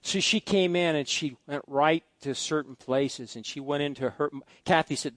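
A middle-aged male pastor telling folksy personal stories during a sermon, swinging between loud asides and quiet musing. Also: medium pitch, measured pace, dry recording. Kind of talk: storytelling sermon. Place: church sanctuary.

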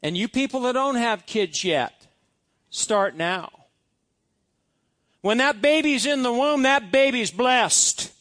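High-voiced emphatic preacher man. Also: lively intonation, slow pace, long pauses, a bit bright, no echo. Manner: emphatic preaching, reciting scripture-based prayers. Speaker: pastor. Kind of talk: sermon. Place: church.

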